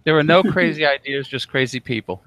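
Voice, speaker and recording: A man's voice: a little high, fairly quick, background noise. A man, a guest author, telling a rambling anecdote in a casual panel chat. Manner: rambling, with many fillers.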